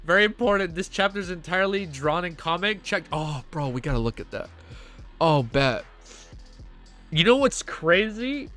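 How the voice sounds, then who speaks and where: An excitable young man reads a story aloud on his reaction stream, his high voice leaping all over the place. He keeps cutting in with slangy outbursts. His tone is bright and sharp, with faint music underneath. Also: normal speed. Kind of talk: reading a web novel aloud and reacting.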